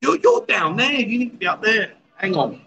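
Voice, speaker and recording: Bright, chatty host. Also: male voice, sits high, very animated, moderate pace, vocal fry, lo-fi sound. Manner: chatty, teasing, coaxing. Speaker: livestream chat show host. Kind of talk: casual chat. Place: outdoor bar.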